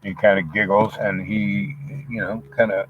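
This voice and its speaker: A man's voice: medium pitch, a little slow, phone-quality sound, slight background noise. An older man streaming a rambling, casual monologue, full of fillers and asides.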